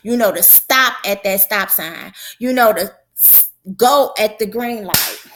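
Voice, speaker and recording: A woman's voice: medium pitch, a little slow, a bit bright. A woman prophetess hosting her own show, giving a casual religious talk in a folksy, conversational way with a preaching lilt.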